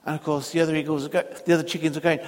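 A man preaching a sermon in a church, telling a story slowly and deliberately with long pauses. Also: a little high, level tone, in a large hall.

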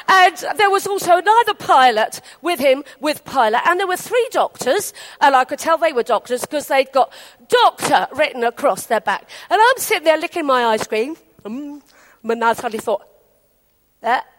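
A woman from England preaching a sermon in a chatty storytelling way, acting out the people in her anecdotes. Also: high-pitched. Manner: chatty, animated, acts out quotes.

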